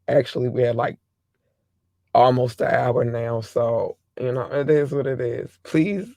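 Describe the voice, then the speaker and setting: Hoarse middle-aged male podcast host, gravelly voice, rambling and affectionate, dry close sound. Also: medium pitch, level tone, a little slow, no echo. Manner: rambling, affectionate shout-outs to listeners. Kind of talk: casual solo podcast monologue.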